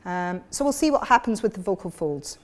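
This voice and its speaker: A woman's voice: on the low side, sing-song, fairly quick. A woman leading a voice workshop for a live audience, explaining and demonstrating sounds as she goes. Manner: demonstrative, breaks into sound demos. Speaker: vocal coach. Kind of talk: workshop lecture with live voice exercises.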